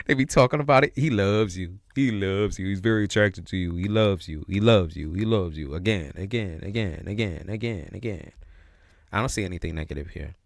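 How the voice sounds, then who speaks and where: A man's voice: on the low side, no room sound, clean studio sound. A man giving a casual livestream tarot reading, talking in slang, with lots of expression and frequent laughs. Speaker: tarot reader.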